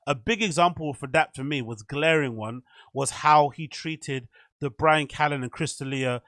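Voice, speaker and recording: A man's voice: fairly high pitch, normal speed, a bit bright, no echo. A man hosting a show, giving chatty, opinionated commentary with meandering asides. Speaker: host. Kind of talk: casual commentary.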